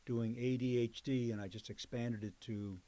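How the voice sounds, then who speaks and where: A warm, steady, medium-pitched voice belongs to an older man, a psychologist and professor, speaking at a moderate pace. He recalls his career in an oral history interview, telling it conversationally with digressions and fillers.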